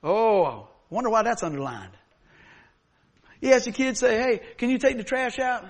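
High-voiced animated pastor. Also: male voice, normal speed. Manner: animated storytelling with sudden loud whoops. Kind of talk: sermon.

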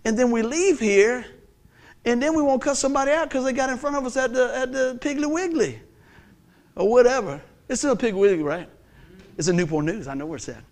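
High-voiced, animated male preacher. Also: a little fast. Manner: animated, swings from hushed to shouting; folksy, conversational preaching. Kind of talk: sermon.

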